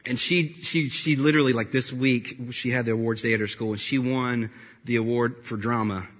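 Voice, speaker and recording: A man's voice: medium pitch, fairly even intonation, normal speed. A man in his thirties preaching a sermon in a casual, joking storytelling way, recorded in a reverberant church hall. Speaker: pastor.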